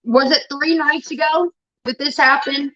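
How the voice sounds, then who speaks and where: A woman's voice: sits high, steady tone, a little slow, pushed and bright, dull audio. A woman livestreamer talking casually to her chat, blunt and profane, snapping back at commenters.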